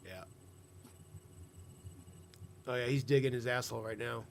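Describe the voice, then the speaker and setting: A man in a casual reaction commentary, talking in a mocking, sarcastic way. His voice sits at an ordinary middle pitch, and his jokes are crude. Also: a little slow, gravelly, slight background noise. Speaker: commentary host.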